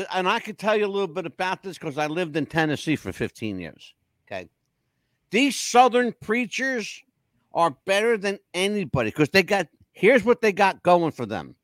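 A man's voice: sits high, a bit bright, dry recording. A man hosting a casual chat, blunt, profane and opinionated. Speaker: podcast host.

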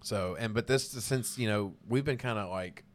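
A man's voice: lowish voice, normal speed. A man in his thirties, a band vocalist guest, chatting casually with lots of fillers and swearing. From United States. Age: 30s. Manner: relaxed, rambling, heavy on fillers and swearing. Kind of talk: casual podcast chat.

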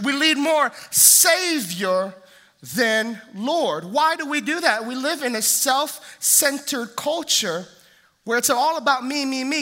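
A young man preaching a sermon, telling lively family stories and acting out the voices of the people in them. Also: extremely high pitch. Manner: animated storytelling, acts out family voices. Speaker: pastor.

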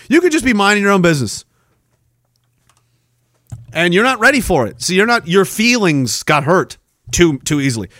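A man hosting a podcast, ranting loudly and profanely with a taunting delivery. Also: high voice, no echo, studio quality. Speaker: podcast host.

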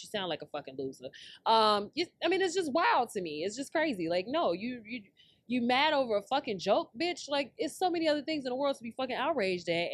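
A woman hosts a pop-culture talk show, ranting in blunt, profane bursts. Her voice sits at an ordinary middle pitch. The sound is dry and close, with no room around it. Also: dry recording. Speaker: podcast host. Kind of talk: casual pop-culture commentary.

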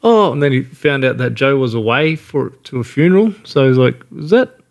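Lively co-host, crude banter. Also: male voice, mid-range voice, a little fast, creaky. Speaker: podcast co-host. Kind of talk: casual chat.

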